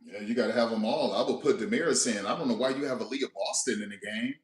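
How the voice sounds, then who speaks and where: A man hosting a live watch-along stream, reacting to the game with animated, slangy outbursts. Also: on the low side, fast talker, roomy sound. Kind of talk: excitable live reaction commentary.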